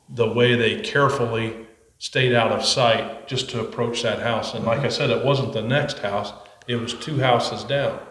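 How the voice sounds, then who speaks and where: A man's voice: mid-range voice, fairly bright tone. A man hosting a podcast, asking a guest questions and sharing his own neighborhood story in an earnest, reflective way. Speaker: podcast host. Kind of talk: interview questions and casual chat. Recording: echoey room.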